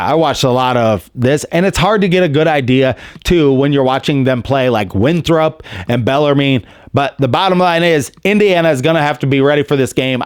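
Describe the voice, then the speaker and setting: Candid, rambling male podcast host; smooth, slightly high voice, dry close sound. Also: dry recording. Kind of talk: casual opinionated chat.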